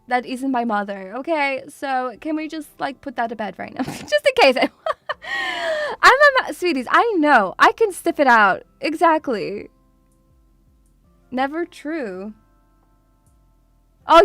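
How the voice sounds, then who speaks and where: A woman's voice: high voice, bright, forceful tone, dry recording. A young woman, streaming in casual chat, swearing freely and calling her viewers sweetie. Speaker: VTuber streamer.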